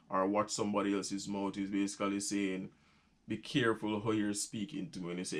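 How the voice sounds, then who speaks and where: A man's voice: lowish voice, steady tone, moderate pace. A young Jamaican man with a Jamaican accent, chatting casually as he explains local sayings, laughing often and repeating phrases. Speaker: vlogger teaching patois.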